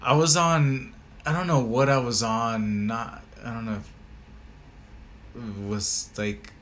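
A man's voice: medium pitch, fairly even intonation, takes it slowly, a bit bright. A man in his thirties from California, with a mid-range voice, chats as a podcast guest. His talk is loose and laid-back, dotted with swearing and "like". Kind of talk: casual podcast chat.

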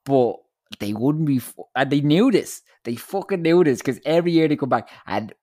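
A man's voice: fairly high pitch, normal speed, no room sound, clean studio sound. A young Irish man chatting casually as a podcast co-host, telling stories with lots of swearing and laughter. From Ireland. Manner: animated, swearing, laughing storyteller. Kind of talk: casual chat.

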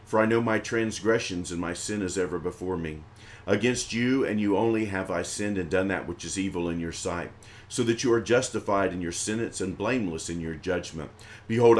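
A man from the American South with a Southern accent, leading liturgical prayers for a live stream in a chanting, intoning voice. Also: fairly low pitch. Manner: intoning prayers in a raised chanting voice, chatty and laughing between.

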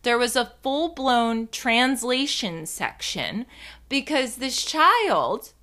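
Young woman, casual host, bright and punchy tone, chatty and profane. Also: a little high, big pitch swings, slow pace. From New Jersey. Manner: chatty, profane, rambling with many fillers. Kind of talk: casual storytelling monologue.

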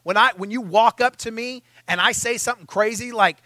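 Male preacher, high bright voice, lively self-mocking storyteller, dry close sound. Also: brisk, dry recording. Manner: animated, self-mocking storytelling, acting out his own panic. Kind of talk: sermon. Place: church.

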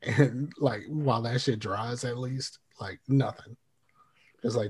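Male co-host, husky voice, dry and profane, tosses in off-hand asides. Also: mid-range voice, fairly even intonation, takes it slowly. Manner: wry, profane, mutters off-hand comments. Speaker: podcast co-host. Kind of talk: casual chat.

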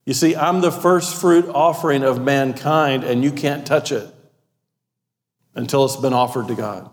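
Emphatic preacher in an echoing hall. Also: male voice, medium pitch, measured pace. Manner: emphatic, repetitive, conversational asides. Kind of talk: sermon. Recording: long hall reverb.

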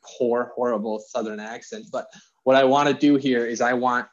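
A young man co-hosting a relaxed tech podcast, explaining a hobby topic with puns and frequent laughter. His voice sits at an everyday pitch, and the recording sounds a little dull and lo-fi. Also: normal speed. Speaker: podcast co-host. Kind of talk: casual podcast chat.

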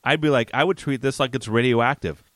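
A man's voice: medium pitch, brisk, a bit bright, dry recording. A man co-hosting a podcast, recapping a TV episode in a wry, questioning way and correcting himself aloud. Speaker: podcast co-host. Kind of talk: casual chat recapping a TV episode.

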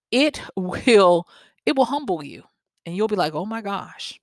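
A woman with a Southern accent talks through her solo podcast in an animated, storytelling way, tossing in asides and little laughs. Her voice sits at a middling pitch. The sound is dry and close, with no room around it. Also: dry recording. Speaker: podcast host. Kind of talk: reflective solo podcast talk.

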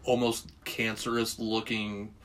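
A man's voice: fairly low pitch, completely flat delivery, unhurried, fairly bright tone. A man recapping a film in loose, rambling casual chat. He swears freely and acts out bits of dialogue along the way. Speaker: podcast co-host recapping a film.

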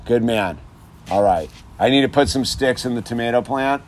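A man's voice: mid-range voice, moderate pace, a little hiss or hum. A man talking outdoors in his yard in a casual, rambling monologue about sobriety and faith, saying "dude" constantly. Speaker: vlogger speaking on sobriety and faith.

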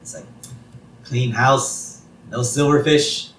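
A man's voice: medium pitch, fairly even intonation, takes it slowly, fairly bright tone, slight background noise. A man co-hosting a podcast, chatting casually with easygoing short reactions. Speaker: podcast co-host. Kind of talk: casual chat, episode recap. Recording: roomy, distant mic.

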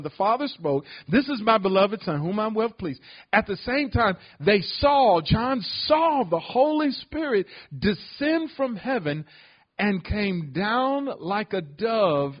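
High-voiced husky pastor preaching. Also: male voice, highs cut off. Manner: preaching with call-outs to the congregation. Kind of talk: sermon.

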